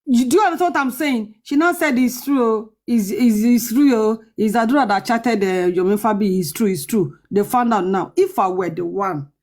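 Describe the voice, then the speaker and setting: Pleading Nigerian woman, slightly high voice. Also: moderate pace, few pauses, a little mellow. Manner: earnest, pleading, repetitive. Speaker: caller. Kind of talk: pleading live chat.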